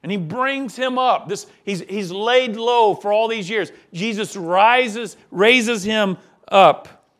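Male pastor, higher register, impassioned sermon delivery. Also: slow pace, fairly bright tone. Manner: impassioned preaching, rising and falling delivery.

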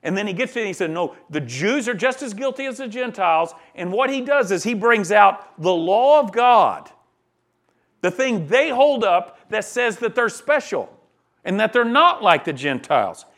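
A man with a notably high voice delivers a sermon. He preaches with emphasis and keeps a conversational tone, tossing in quick asides to his listeners. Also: very animated, a bit bright. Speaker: pastor.

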